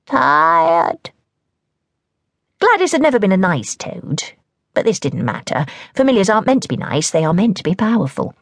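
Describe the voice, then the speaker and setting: Lively, husky woman reading a children's story. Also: mid-range voice, a little fast, dry recording, clean studio sound. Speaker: audiobook narrator. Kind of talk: storytelling narration of a children's novel. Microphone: close studio mic.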